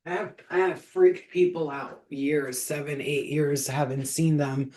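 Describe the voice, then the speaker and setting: A woman's voice: low voice, fairly even intonation, a little slow, hardly any pauses, warm tone. A woman hosting a casual livestream as a spiritual healer, rambling, swearing freely and laughing often.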